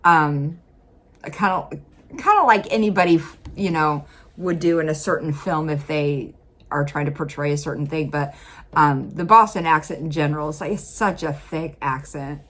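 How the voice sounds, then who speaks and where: A woman from Illinois reacting to a video in casual, chatty commentary, laughing often and jumping up in pitch when she stresses a point. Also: moderate pace, a bit bright. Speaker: reaction vlogger.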